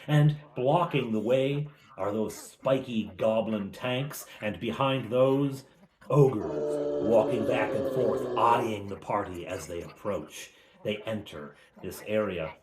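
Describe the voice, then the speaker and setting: A man's voice: fairly low pitch, expressive, takes it slowly, roomy sound. A man recapping a tabletop game as game master, in a casual, chatty way with asides.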